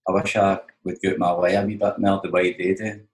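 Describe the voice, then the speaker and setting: Here a Scottish man who tours as a musician talks low and flat at a fairly quick clip. His casual, rambling stories are full of swearing and repeated "you know what I mean"s, heard with a roomy echo.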